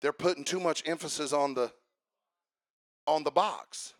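A man preaching a sermon to a congregation, building to fervent shouts and calling for responses. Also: fairly high pitch, a little slow, no echo, studio quality. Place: church service.

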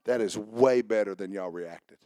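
A man's voice: fairly low pitch, moderate pace, mellow, dry recording, studio quality. A man preaching a sermon as pastor, fervently asking the congregation questions and answering them. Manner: preaching with rising fervor and call-and-response questions.

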